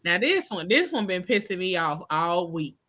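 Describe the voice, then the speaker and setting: A woman co-hosting a casual chat, animated and slangy, repeating herself as she builds up a point. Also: on the low side, normal speed, highs cut off. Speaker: podcast co-host.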